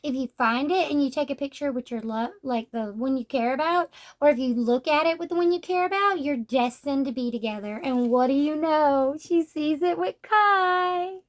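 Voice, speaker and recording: High-voiced chatty woman reviewer. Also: brisk, hardly any pauses. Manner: chatty, blunt and sarcastic, acts out quotes. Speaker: book reviewer. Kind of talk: casual manga review chat.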